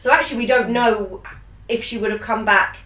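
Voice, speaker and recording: A woman with a fairly high voice, giving firm, opinionated takes on a TV episode. She sits some way back from the mic, and the room rings around her. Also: steady tone, a little fast, a bit bright, recorded from a distance. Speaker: reaction show co-host. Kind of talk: casual chat reacting to a TV episode. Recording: roomy, off-mic.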